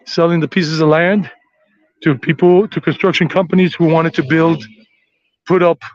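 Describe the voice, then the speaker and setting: A man's voice: a little high, fairly even intonation, normal speed, no room sound, lo-fi sound. An American man giving a rambling, chatty walking tour outdoors on city streets. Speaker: tour vlogger.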